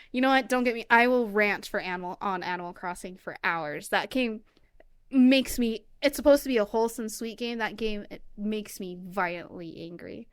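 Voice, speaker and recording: A woman's voice: medium pitch, normal speed, smooth, dry recording, studio quality. A woman co-hosting a casual gaming podcast, ranting with heavy profanity. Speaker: podcast co-host. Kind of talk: casual chat.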